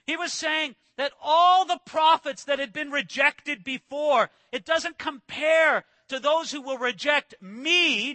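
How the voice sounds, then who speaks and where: A man preaching a sermon, swinging from loud emphatic declarations to hushed, low passages, and acting out quoted lines. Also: no echo. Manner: dramatic swings from shouting to near-whisper; acts out quoted voices with emphasis. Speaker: pastor.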